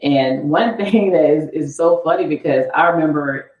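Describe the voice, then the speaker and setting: A woman's voice: low voice, normal speed. A woman hosting an interview, chatting casually and laughing often as she asks questions. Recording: echoey, muffled room sound.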